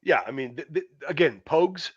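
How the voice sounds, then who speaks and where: A man's voice: on the high side, lively intonation, fairly quick, breathy edge, no echo. A middle-aged man swaps blunt, profanity-laced army stories in a casual chat. The recording is dry and a bit dull and lo-fi. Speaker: podcast host.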